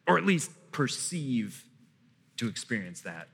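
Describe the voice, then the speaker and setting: Pastor guy preaching slow, big swoopy delivery, lots of pauses, echo from a big church hall. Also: mid-range voice, very animated, creaky, fairly bright tone, breathy edge. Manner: emphatic preaching with dramatic pauses and repetition. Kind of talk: sermon.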